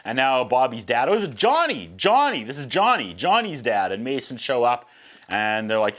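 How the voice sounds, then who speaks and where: A man's voice: medium pitch, very animated, normal speed, fairly bright tone. A man hosting a casual video review, recapping a movie's plot with sarcastic, wry asides. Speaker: host.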